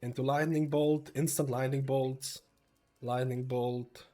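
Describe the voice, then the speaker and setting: A young man with a slightly stuffy nose, giving casual gameplay commentary that jumps from steady explaining to excited bursts. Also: medium pitch, a little slow, faint music behind. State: slightly stuffy, a little sick. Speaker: gameplay streamer.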